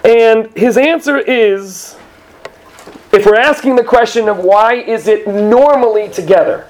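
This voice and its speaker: In a classroom lesson on a holiday prayer, a Torah teacher with a high, light voice speaks a little slowly but casually and with animation. He tells it like a story, tossing in jokes and acting out small scenes for his students.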